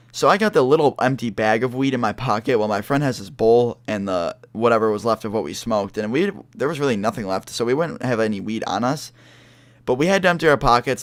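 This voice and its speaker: A man's voice: lowish voice, dry recording. A young man telling a long story in a casual, rambling way, full of fillers and swearing. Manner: rambling, lots of fillers and swearing, acts out quotes.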